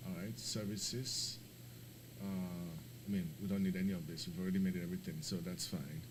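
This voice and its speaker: A man's voice: deep voice, moderate pace, background noise. A man streaming a flight simulator, chatting casually and talking himself through the setup, apologetic and rambling, getting emphatic and laughing when he rants. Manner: animated, emphatic when ranting, laughs often. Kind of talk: casual live-stream commentary.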